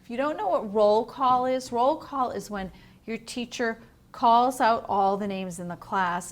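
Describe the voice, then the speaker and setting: Gentle, slow-reading woman teacher. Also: fairly high pitch. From United States. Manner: gentle and explanatory, asks questions. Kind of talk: reading a picture book aloud to young children.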